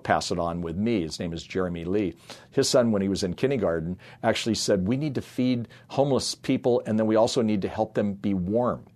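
A man's voice: fairly low pitch, darkish tone. A middle-aged man from a family ministry, giving an earnest sermon-style talk full of personal stories. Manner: earnest storytelling, acts out quoted voices. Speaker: speaker in youth and family ministry.

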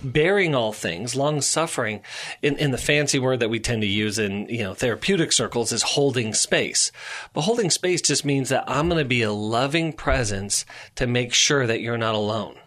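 Calm, gentle-spoken man. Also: mid-range voice, normal speed. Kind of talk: casual chat.

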